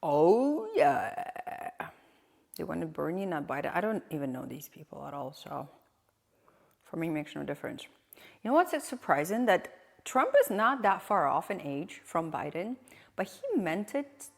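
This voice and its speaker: A woman's voice: low voice, very animated, moderate pace, vocal fry, big-room sound. A woman streamer chatting casually, rambling and asking questions as she reacts to clips. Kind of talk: casual live-stream chat.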